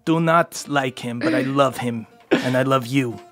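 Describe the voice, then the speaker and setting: A man's voice: medium pitch, unhurried, a bit bright, soft background music, pitched below the performer's own voice, natural voice. A man doing a pushy, broken-speaking gem salesman. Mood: teasing. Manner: broken, article-dropping speech. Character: pushy male gem salesman, teasing bully.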